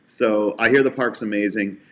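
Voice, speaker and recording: Low-voiced man telling baseball stories. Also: steady tone, normal speed. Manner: warm storytelling, heartfelt. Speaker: podcast co-host. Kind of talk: casual sports chat.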